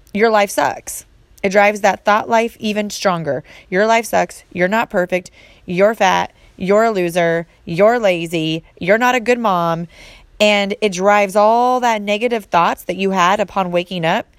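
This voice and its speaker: A woman's voice: medium pitch, no echo. A woman coach giving an emphatic motivational talk, speaking directly to the listener and repeating points for force. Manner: emphatic, repetitive, direct address. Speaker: fitness and mindset coach.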